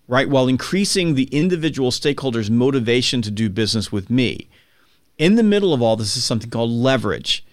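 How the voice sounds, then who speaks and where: A man as a podcast guest, explaining with emphatic energy and acting out buyers and sellers in quick quotes. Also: medium pitch, dry recording, studio quality. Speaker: podcast guest, sales author. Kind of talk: conversational explaining.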